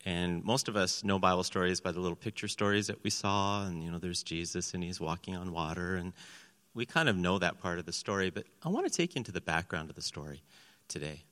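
A man with a lowish but bright, forceful voice preaches a sermon, telling the story with animation and slipping into the voices of the people in it. His words ring out with a long reverb in a large church hall. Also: fairly quick. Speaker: pastor. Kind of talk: sermon with scripture reading.

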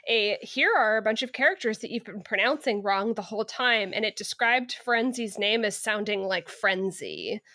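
A woman podcast co-host summarizing a book chapter in casual, halting chat. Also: on the high side, sharp tone, no room sound, clean studio sound. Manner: hesitant, lots of restarts.

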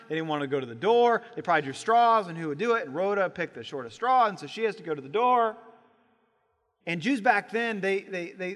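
A man delivers a Sunday sermon, his voice high-pitched and bright. He tells the story with animation, slipping into voices for the people in it. The sound carries a long reverb, the way it does in a church sanctuary. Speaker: pastor.

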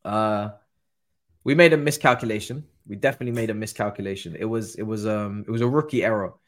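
A man telling an animated story in casual chat, acting out other people's voices. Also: fairly low pitch, quick pace. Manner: animated, acts out quoted voices. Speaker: guest football pundit.

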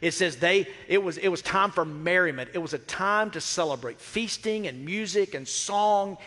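Pastor preaching in a reverberant hall. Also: male voice, sits high, normal speed, pushed and bright. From Mississippi. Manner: emphatic, repeats phrases, asks the crowd questions. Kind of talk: sermon. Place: church sanctuary.

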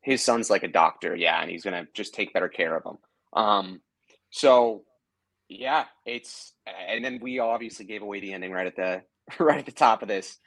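A man with a lowish voice talks through a TV plot in a relaxed podcast chat. He rambles, stopping and restarting with plenty of fillers. The sound is close and dry. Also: moderate pace, creaky, no room sound. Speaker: podcast co-host. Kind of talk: casual chat, summarizing a TV episode.

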